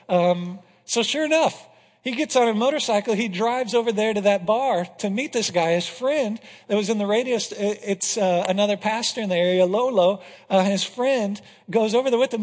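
A male pastor preaching a passionate sermon to his congregation, swinging from loud declarations to hushed, intense moments. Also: sits high, animated, normal speed. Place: church hall. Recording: reverberant hall.

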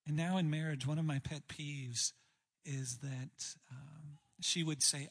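A man's voice: fairly high pitch, fairly even intonation, unhurried. A man preaching a sermon on marriage, candid and self-deprecating in a conversational way. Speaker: pastor speaking on marriage.

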